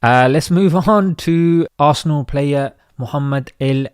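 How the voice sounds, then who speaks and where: A man's voice: a little high, slow, clean tone, dry recording, clean studio sound. A man commenting on social media posts in a conversational, opinionated way.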